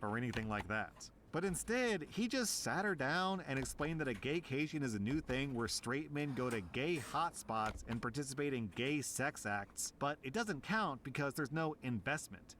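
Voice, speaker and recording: A man streamer reading a story aloud and reacting, amused and animated. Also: medium pitch, normal speed, hardly any pauses, a little hiss or hum. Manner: amused, breaks into laughter.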